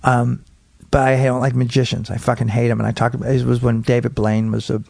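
Gravelly middle-aged man telling stories. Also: medium pitch, fast, no echo, studio quality. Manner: profane, animated, acts out bits. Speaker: comedian guest. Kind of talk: casual storytelling. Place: home studio man cave. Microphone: podcast mic.

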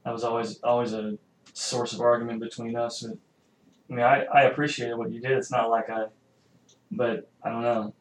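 A man's voice: mid-range voice, little pitch movement, normal speed, a little hiss or hum. A man who serves as a military chief, talking hesitantly with many fillers in a casual podcast conversation. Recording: roomy, faint ambience.

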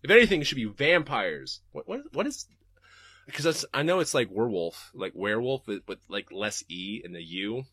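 A man's voice: mid-range voice, sing-song, normal speed, fairly bright tone, slightly rough, dry recording, studio quality. A man hosting a podcast and reading live chat, talking casually and profanely and laughing often.

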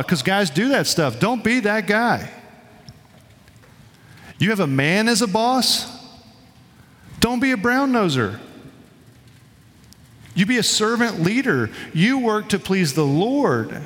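A man preaching a sermon to his congregation in a relaxed, conversational way, telling stories and acting out quotes. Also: high-pitched, a little slow, pauses often, long reverb tail. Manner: conversational, storytelling with quoted voices. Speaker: pastor. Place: church sanctuary.

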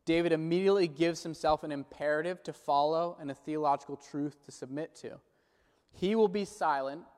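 A man's voice: a little high, darkish tone, clean tone. Earnest male preacher in a reverberant hall. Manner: measured, earnest preaching with slow quoted prayers. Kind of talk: sermon.

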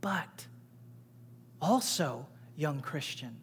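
A man's voice: fairly high pitch, animated, extremely slow, slight background noise. Preaching man in a reverberant hall. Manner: preaching, swinging between loud emphatic passages and quiet asides. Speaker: pastor. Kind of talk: sermon. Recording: long reverb with faint music behind.

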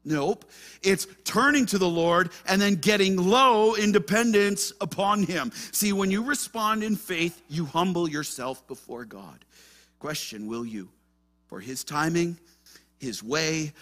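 Male pastor, impassioned sermon delivery, high bright voice, hushed to fervent. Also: measured pace. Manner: impassioned preaching, swings between hushed and loud.

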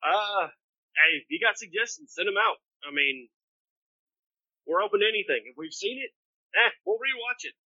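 A man's voice: sits high, expressive, moderate pace, long pauses, pushed and bright, no room sound, highs cut off. A man in his late thirties co-hosting a casual podcast, congested from a sinus infection, laid-back and blunt. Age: 30s. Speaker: podcast co-host.

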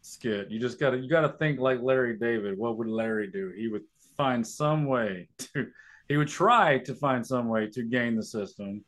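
A man's voice: mid-range voice, animated, moderate pace, a bit bright. A man with a mid-range voice co-hosts a casual podcast. He mostly listens, laughs, and adds short remarks to his friend's story. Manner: reactive listener, laughing and chiming in. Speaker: podcast co-host. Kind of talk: casual chat.

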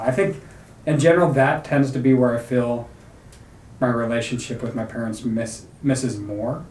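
A man's voice: mid-range voice, steady tone, normal speed, darkish tone, distant mic, slight background noise. A man on a podcast, thinking aloud in a casual group conversation. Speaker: podcast co-host. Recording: echoey room, away from the mic.

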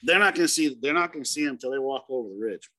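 Middle-aged man telling an animated story. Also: medium pitch, quick pace. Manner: animated, acts out dialogue in the story. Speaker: hunting guide. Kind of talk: casual storytelling interview.

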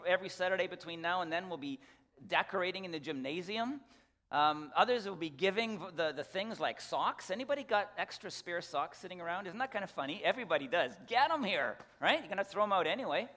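A pastor addresses his congregation in an easy, folksy way, trailing off and restarting as he goes. His fairly high male voice carries a long reverb from the sanctuary around him. He slides from friendly announcement into earnest prayer. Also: pushed and bright. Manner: conversational, folksy, with restarts and asides. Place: church sanctuary.

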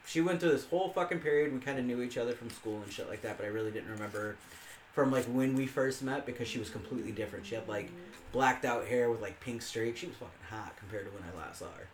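A man's voice: medium pitch, fast talker, reverberant, a little hiss or hum. A young man telling crude, profane stories in a casual chat among friends. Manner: crude storytelling, heavy swearing.

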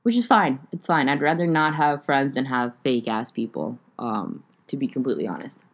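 Young woman with a low voice rambling on her podcast, lots of likes and ums, swears casually. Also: animated, normal speed. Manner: rambling, chatty, frequent fillers and swearing. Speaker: podcast host. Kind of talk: casual solo podcast chat.

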